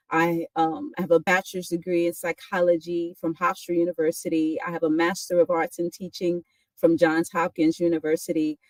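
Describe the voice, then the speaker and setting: A woman from New York speaking as a guest on a talk show. Her voice is low and husky, and she talks reflectively, restarting her thoughts and checking in with "right?". The recording is dry and slightly distant from the mic. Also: darkish tone, no room sound. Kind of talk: casual conversation.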